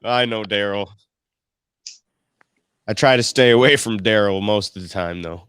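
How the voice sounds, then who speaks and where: A man's voice: fairly low pitch, measured pace, fairly bright tone, clean tone, no room sound, clean studio sound. A man co-hosting a casual chat show, greeting viewers from the chat in a laid-back way. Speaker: co-host reading viewer chat.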